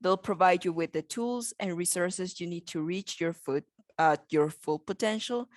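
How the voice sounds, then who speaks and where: Lower-voiced woman chatting hesitantly on a podcast. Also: moderate pace, dry recording, clean studio sound. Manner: hesitant, many fillers and restarts. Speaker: podcast co-host. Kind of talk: casual business podcast chat.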